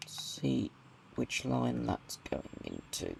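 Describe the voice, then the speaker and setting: A man's voice: medium pitch, wildly swooping pitch, gravelly, a little hiss or hum. A British man giving casual commentary over a train simulator game, thinking aloud as he goes. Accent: British English. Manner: musing aloud, slow and thoughtful. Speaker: gaming video creator.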